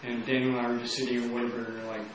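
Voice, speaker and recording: A man's voice: mid-range voice, flat delivery, very fast, noisy background. A young man from Texas giving a casual, rambling personal testimony, with lots of "like" in his speech. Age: young adult. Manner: casual, rambling, heavy use of "like". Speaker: storyteller. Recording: very echoey room, mic at a distance.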